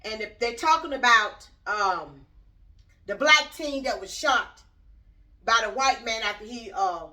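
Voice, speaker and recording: Bright-voiced blunt woman vlogger. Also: on the high side, a little slow, distant mic. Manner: blunt, rambling, talks straight to viewers. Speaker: YouTube channel host. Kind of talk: casual opinion vlog.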